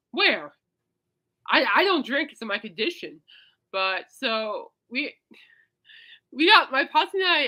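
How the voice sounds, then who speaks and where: A woman hosting her own podcast, telling rambling stories in a casual chat and calling her listeners "people". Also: fairly high pitch. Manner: animated storyteller, swings loud and soft, addresses listeners as "people". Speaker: podcast host.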